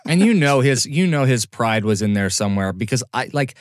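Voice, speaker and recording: A man's voice: mid-range voice, lively intonation, brisk, no room sound, studio quality. A man co-hosting a casual podcast discussion, explaining hesitantly with many restarts. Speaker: podcast co-host.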